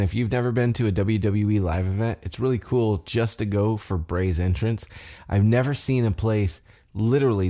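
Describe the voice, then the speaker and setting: A man with a fairly low voice hosts his own podcast alone. He rambles casually, swears freely and pokes fun at himself as he recaps. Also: dark tone. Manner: rambling, profane and self-deprecating. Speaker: podcast host.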